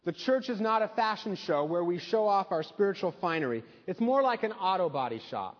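Higher-voiced pastor preaching in an echoey church. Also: male voice, very animated, brisk, dull audio. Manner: conversational storytelling with humor. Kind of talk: sermon. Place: church sanctuary.

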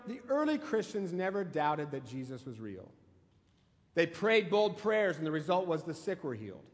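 High-voiced male pastor preaching. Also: big-room sound. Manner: emphatic storytelling with rhetorical questions. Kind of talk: sermon.

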